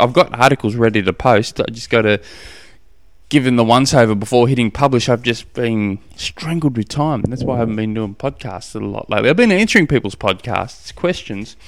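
A man's voice: medium pitch, fairly quick, no room sound. A man hosting his own podcast, answering a listener question in a casual, rambling, self-deprecating way with lots of fillers. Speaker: podcast host. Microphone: studio podcast microphone.

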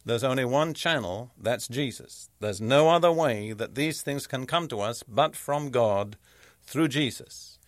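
A man delivers a sermon as a Bible teacher, reading scripture aloud and then explaining it point by point. His voice sits in a middle pitch range, and he speaks in a measured, emphatic way. The recording is dry and close, with no room sound. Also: expressive, no room sound.

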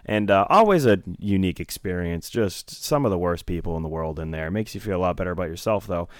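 Low, smooth, dry-mic male co-host, profane rambling storyteller. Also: lively intonation, fast talker, no echo. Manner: profane, rambling, laughing anecdote-telling. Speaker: podcast co-host. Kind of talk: casual storytelling on a podcast.

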